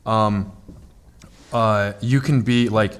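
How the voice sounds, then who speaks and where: A man's voice: lowish voice, steady tone, slow pace, clean tone. A man co-hosting a podcast, explaining at length in casual chat, with many restarts and repeated words. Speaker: podcast co-host.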